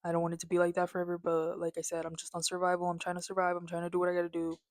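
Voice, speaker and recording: A woman's voice: fairly low pitch, monotone, very fast, a little mellow, no room sound, studio quality. Anxious young woman rambling to camera. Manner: candid, rambling, lots of filler words. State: anxious, near tears. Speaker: vlogger. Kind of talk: casual personal rant to camera.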